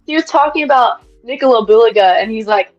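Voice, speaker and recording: A young woman co-hosting a casual chat, excitable and full of fillers and restarts. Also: on the high side, fast. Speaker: co-host, racer. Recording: dull lo-fi audio.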